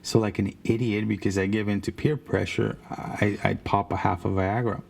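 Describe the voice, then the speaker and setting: A man's voice: on the low side, little pitch movement, moderate pace, creaky, darkish tone. A man casually telling a rambling, profane story about his days as a car salesman. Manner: rambling, profane, with frequent restarts.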